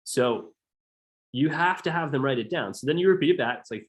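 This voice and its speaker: An energetic male sales trainer leading a coaching call. He speaks emphatically, hammering his key points through repetition, and his voice sits at a middle pitch. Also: fast talker.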